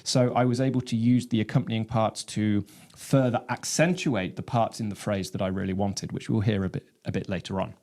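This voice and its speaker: A man teaching about his own snare drum composition, explaining rhythms in a measured way and counting them aloud. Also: lowish voice, steady tone, background noise. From England.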